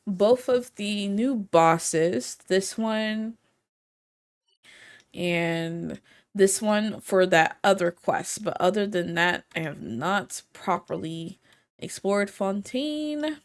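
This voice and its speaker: Woman gamer talking thru a playthrough, reads the lines out loud, complains about skipping, mid pitch. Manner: reads game dialogue aloud, quick asides and complaints. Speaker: gaming streamer. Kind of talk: casual let's-play commentary.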